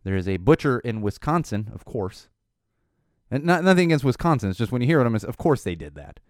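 A middle-aged man hosting a podcast, rambling casually with lots of fillers, his voice a little hoarse and tired. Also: medium pitch, quick pace, dry recording, clean studio sound. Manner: rambling, animated, frequent "uh" fillers. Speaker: podcast host. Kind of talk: casual solo chat.

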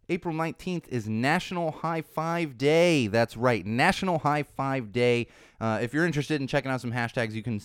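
A man hosting a casual talk show, chatty and animated, with frequent fillers and chuckles, close to the mic. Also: medium pitch, smooth, no room sound. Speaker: podcast host. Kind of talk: casual chat about trending topics.

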